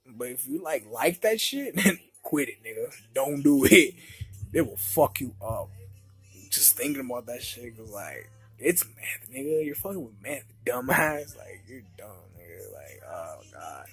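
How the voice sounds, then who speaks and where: A man's voice: medium pitch, measured pace, breathy edge. Guy rambling thru a wild story, cursing nonstop, voice jumping all over, faint music behind. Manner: profane, animated slang-heavy storytelling. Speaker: vlogger. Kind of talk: casual storytelling.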